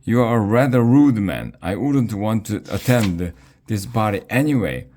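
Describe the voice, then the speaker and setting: Man reading as a British woman cook, storybook, high-pitched, prim, proper. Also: a little slow, a little mellow, slight background noise, close to an everyday voice. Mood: offended. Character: prim cheerful British woman cooking teacher.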